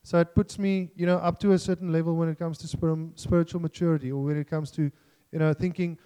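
A man's voice: a little high, flat delivery, quick pace, mellow, smooth, in a large hall. A man preaching a sermon in an earnest, self-deprecating way, joking and restarting as he talks.

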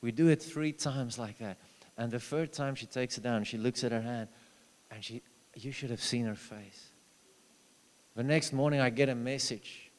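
A man preaching a sermon, telling stories, with loud urging that drops to low, hushed asides. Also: moderate pace. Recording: long hall reverb.

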